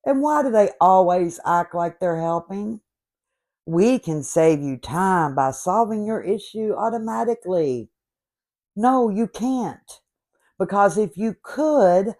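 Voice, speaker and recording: A woman's voice: mid-range voice, lively intonation, slow, a little mellow. A woman in her late fifties who speaks with an accent, hosting a comedic rant in a sarcastic, exasperated storytelling manner. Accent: noticeable regional accent. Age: 50s. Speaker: host.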